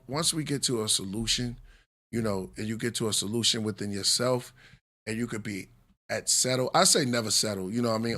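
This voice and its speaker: Man, New York accent, low gravelly voice, loose and reflective podcast host. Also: a bit bright. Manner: loose, reflective, philosophizing with many fillers. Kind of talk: casual live podcast talk.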